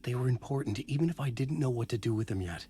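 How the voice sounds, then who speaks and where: A man's voice: medium pitch, animated, dark tone, a little hiss or hum, natural voice. A man voicing a brooding game narrator. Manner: measured, introspective. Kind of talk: scripted narration.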